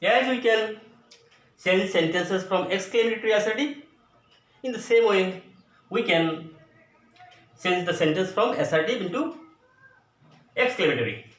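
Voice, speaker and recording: Slow, lively man teaching grammar. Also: high voice. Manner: slow, deliberate explaining with repeated examples. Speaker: English teacher. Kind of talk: grammar lesson at a board. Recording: echoey room, voice from a distance, faint noise.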